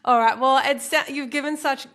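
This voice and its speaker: A woman's voice: sits high, fairly even intonation, moderate pace. A woman hosting a podcast interview, sounding nasal from a cold, chatting casually and thanking her guest. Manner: chatty, warm thanks, laughs easily. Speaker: podcast host.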